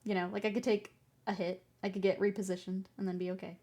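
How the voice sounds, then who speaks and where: A playful woman chats casually with her stream audience, rambling from one thought to the next. She laughs often between remarks and pokes fun at herself. Her pitch sits in a middle range for a woman. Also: flat delivery, quick pace, warm tone. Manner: playful, rambling and self-mocking. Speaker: streamer painting miniatures. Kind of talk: casual chat with viewers.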